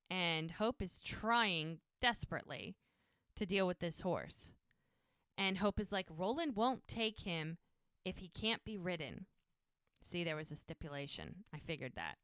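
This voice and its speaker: A woman's voice: on the low side, very animated, unhurried, long pauses, fairly bright tone, clean tone, no echo, studio quality. A woman co-hosting a podcast, casually recapping a TV episode and acting out the characters' lines as she retells scenes. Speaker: podcast co-host.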